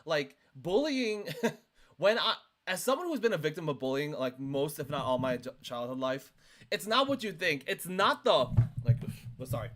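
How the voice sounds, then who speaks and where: A male streamer doing reaction commentary into a desk microphone, talking in an animated, emphatic way with lots of "like". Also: on the high side, normal speed.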